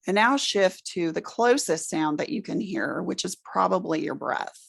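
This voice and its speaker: Calm, slow woman with a gravelly voice. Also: fairly low pitch. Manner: slow, calm, soothing instructions. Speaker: speaker leading a guided exercise. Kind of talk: guided relaxation exercise. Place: presentation room with an audience.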